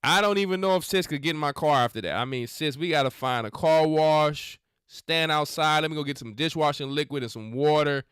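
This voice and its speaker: A man hosts a faith podcast, reacting to clips with scolding, preachy remarks in casual slang. His voice is smooth and resonant, recorded dry and close with no room sound. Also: on the high side, a little fast, few pauses, fairly bright tone, no echo. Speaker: podcast host. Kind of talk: religious commentary on videos.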